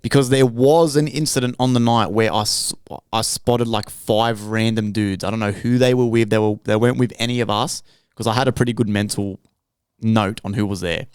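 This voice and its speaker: A man hosts a casual podcast, telling stories bluntly and swearing freely. His voice is smooth and mid-pitched. The recording is dry and close. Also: fairly even intonation, moderate pace, hardly any pauses, darkish tone, no echo. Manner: blunt, profane storytelling. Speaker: podcast host.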